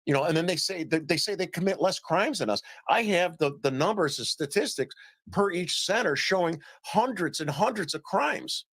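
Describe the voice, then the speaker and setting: A middle-aged man on a live stream telling stories about his reporting in a casual, animated way, acting out what others said. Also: high voice, moderate pace, dry recording. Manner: animated storyteller, acts out quoted dialogue. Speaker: citizen journalist guest. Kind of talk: casual remote interview.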